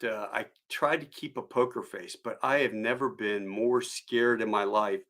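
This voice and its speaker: A man's voice: on the low side, steady tone, a little slow, hardly any pauses, a bit bright. A man hosting a solo live stream, telling rambling travel anecdotes with frequent chuckles. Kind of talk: storytelling.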